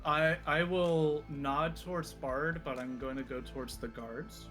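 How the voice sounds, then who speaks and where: A man playing a tabletop game speaks very slowly and hesitantly, pausing often with fillers. His pitch is middling, with faint music behind. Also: steady tone, fairly bright tone. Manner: slow, hesitant, many pauses and fillers. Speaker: player. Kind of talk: tabletop role-play.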